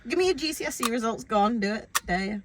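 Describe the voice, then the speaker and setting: A woman's voice: fairly high pitch, expressive, fast, noisy background. A young woman from Britain co-hosting a casual podcast chat, blunt, teasing and dramatic. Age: young adult. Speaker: podcast co-host.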